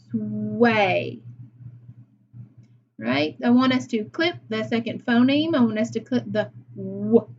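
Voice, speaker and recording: Patient woman teacher sounding out words for little kids, kinda high voice, slow, muffled recording w/ a bit of hiss. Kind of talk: phonics lesson for young children.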